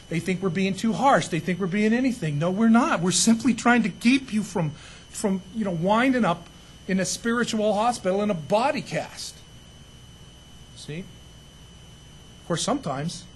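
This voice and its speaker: A man preaching a sermon as pastor, conversational and animated, with joking asides. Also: high voice, slight background noise, poor audio.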